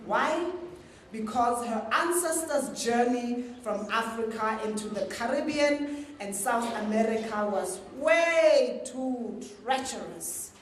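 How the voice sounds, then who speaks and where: Unhurried woman host, echoey hall. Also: on the high side, expressive, a little hiss or hum. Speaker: event host. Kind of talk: introducing a performer at a live event.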